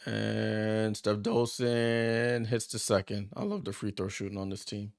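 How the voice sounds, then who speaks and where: A man hosting a watchalong, giving chatty, excitable play-by-play as he reacts aloud to the game. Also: fairly low pitch, a little slow, creaky. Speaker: watchalong host. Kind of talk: casual live play-by-play commentary.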